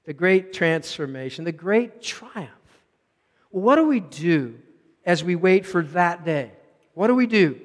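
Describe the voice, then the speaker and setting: A male pastor delivers a sermon with a notably high-pitched voice. He swings between raised, emphatic declarations and hushed, low asides. The sound carries the long reverb of a large church hall. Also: lively intonation, unhurried.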